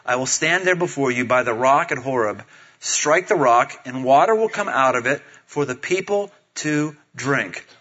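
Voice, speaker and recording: A man voicing a calm, commanding divine figure who gives steady instructions, on a dull lo-fi recording. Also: medium pitch, normal speed, slightly rough, pitched below the performer's own voice. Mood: instructing. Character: calm, commanding divine male voice giving orders.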